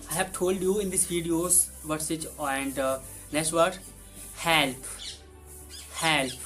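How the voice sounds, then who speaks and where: This is a vocabulary lesson by a man who speaks Hindi natively and repeats each English word twice, using simple, broken English. His voice sits on the high side and sounds a bit bright.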